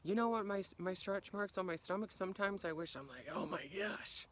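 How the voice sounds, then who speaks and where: A woman life coach speaks to camera outdoors on a freezing day. She talks with animated energy and plays out little scenes with sudden leaps in pitch and loudness. On her reflective points she turns soft and quiet. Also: fairly quick, slight background noise. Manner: animated, acts out quoted reactions with big swings in pitch and volume. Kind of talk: motivational talk to camera.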